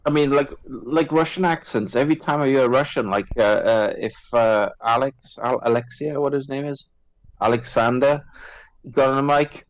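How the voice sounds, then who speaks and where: A man's voice: medium pitch, normal speed, poor audio. A man co-hosting a casual chat, loose and laughing, swearing freely as he reminisces.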